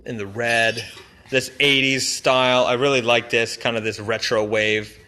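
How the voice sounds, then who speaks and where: Man, enthusiastic brand rep, bright forward voice, chatty live-stream product walkthrough with lots of fillers. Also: mid-range voice, fairly even intonation, a little slow. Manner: enthusiastic, rambling, many fillers and restarts. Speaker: brand representative showing new products. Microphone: phone or camera mic on a live stream.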